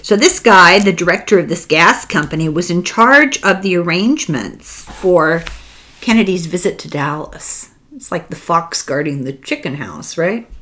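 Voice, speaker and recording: A woman's voice: fairly low pitch, moderate pace. An older woman with an Irish accent, hosting a podcast and retelling a book in a casual, wry, conspiratorial way. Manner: animated, wry, conspiratorial storytelling. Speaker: podcast host discussing a book. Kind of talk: casual chat.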